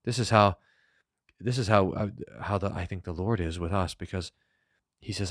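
A man's voice: low-pitched, fairly even intonation, moderate pace, no room sound, studio quality. A man, a pastor, teaching on the Bible in a storytelling way and reading verses aloud with rising emphasis.

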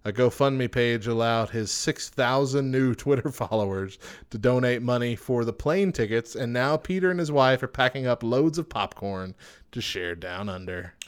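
Smooth-voiced man hosting a chat show. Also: mid-range voice, moderate pace. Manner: reads facts aloud then jokes. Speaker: podcast host. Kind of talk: casual chat reading odd news.

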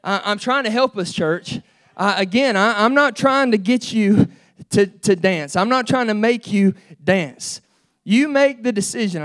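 A man, an assistant pastor, preaching a sermon in an impassioned, shouting preacher's cadence. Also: high voice, clear, resonant tone.

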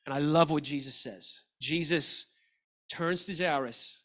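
A middle-aged man, a pastor, preaching a sermon with passion, dropping to a quiet voice when he quotes scripture. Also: on the high side, unhurried.

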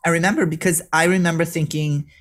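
A middle-aged woman from Serbia, a guest telling a personal story in an earnest way, halting and restarting as she gets emotional. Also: lowish voice, steady tone.

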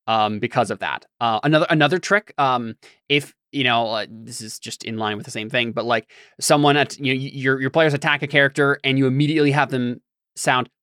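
A man hosting a tabletop gaming podcast, talking casually and rambling through lots of fillers and restarts. His voice sits in a middle pitch and the sound is dry and close. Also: brisk, a bit bright, smooth, dry recording. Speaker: podcast host and game master.

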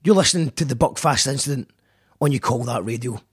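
A man's voice: mid-range voice, brisk, slightly rough. A Scottish man hosting a radio show, rambling, joking and apologizing in a casual monologue. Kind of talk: casual self-deprecating monologue.

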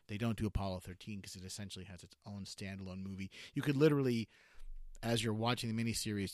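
Low, dry-voiced man reviewing, full of fillers. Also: no room sound. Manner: halting, many filler words and self-corrections. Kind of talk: unscripted spoken review.

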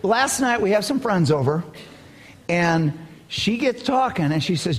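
Speaking at a measured pace in a high voice, an older man preaches as pastor, telling stories animatedly with emphatic bursts. Long hall reverb colors the audio.

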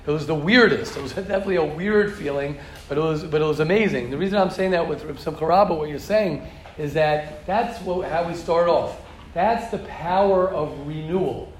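A middle-aged American man giving an informal religious lecture to a group in a study hall, animated and repetitive, acting out quoted speech. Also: fairly high pitch, brisk. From United States. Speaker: Torah class teacher. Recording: roomy hall, faint ambient noise.

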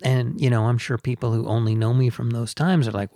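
A man's voice: medium pitch, steady tone, brisk, warm tone, dry recording, studio quality. A man co-hosting a podcast in casual chat, reflective and meandering, often trailing off mid-thought. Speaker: podcast co-host.

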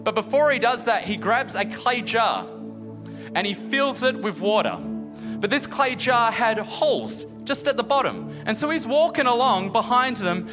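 A man with a high voice preaches a sermon in a relaxed, joking way, slipping into the voices of the people in his story. His words ring out in a large echoing hall. Music plays softly behind him. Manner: casual, joking asides and acted-out quotes. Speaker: pastor.

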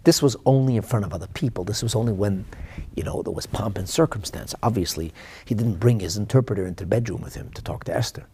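A man teaching a Talmud class, who swings from loud dramatic exclamations to hushed whispers. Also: lowish voice, quick pace, breathy edge.

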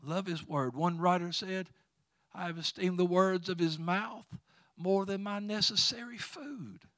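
A man's voice: high-pitched, a little slow, fairly bright tone, dry recording, studio quality. A man preaching a sermon, quoting scripture with rising fervor and chuckling asides. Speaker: pastor.

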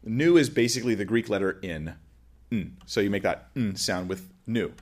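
A man's voice: lowish voice, expressive, moderate pace. A man giving an informal lecture, explaining with everyday examples in a conversational way. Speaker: teacher.

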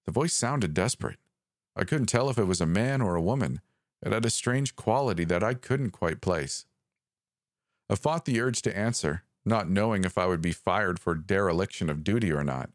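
A man with a very deep, low voice reads a first-person horror story. His delivery is calm and measured, and the recording is dry and close, with no room sound. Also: dry recording.

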